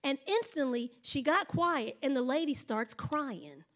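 A high-pitched woman in her thirties, preaching. She tells stories from the pulpit and slips into the voices of the people she quotes, then gets back to her point. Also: animated, a little slow, a bit bright. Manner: storytelling, acts out quoted voices. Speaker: pastor. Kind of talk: sermon.

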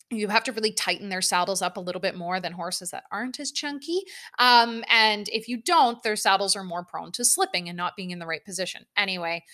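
A woman's voice: medium pitch, pushed and bright. A young woman telling a casual personal anecdote, candid and self-mocking, swearing freely as she goes. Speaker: storyteller.

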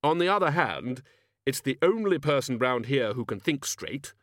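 A man voicing a blustering older male wizard head who talks loud and hearty. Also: mid-range voice, very animated, normal speed, no echo, studio quality.

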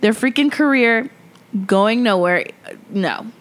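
A young woman co-hosting a podcast in casual chat, blunt and quick to laugh, swearing freely. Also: on the high side, expressive, clean tone. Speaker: podcast co-host.

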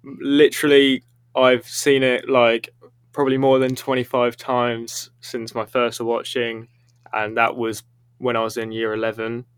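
A young man chatting as a podcast guest, relaxed and rambling with lots of fillers. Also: medium pitch, unhurried, smooth, dry recording. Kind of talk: casual podcast chat.

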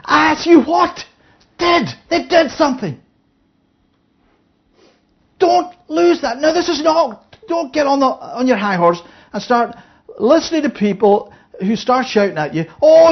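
A woman's voice: on the low side, husky, muffled recording. A woman Bible teacher giving a conversational sermon, reading verses aloud and explaining them, often checking in with her listeners. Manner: checks in with listeners, asking 'Yeah?'; reads scripture aloud, then explains it.

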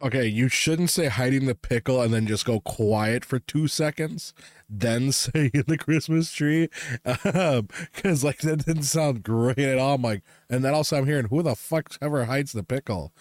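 A man's voice: mid-range voice, normal speed, no echo. A man co-hosting a casual holiday podcast chat, teasing his partner, swearing freely and laughing often. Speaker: podcast co-host.

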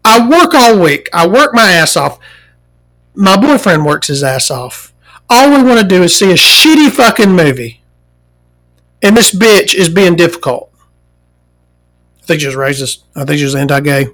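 A forty-year-old vlogger rants through a story, exasperated and swearing constantly. The pitch swings wildly, leaping high in outrage and dropping low for asides. The people in the story get mimicked along the way. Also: big pitch swings, moderate pace, pauses often, a bit bright, low-quality recording. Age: 40s. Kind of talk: profane ranting storytime.

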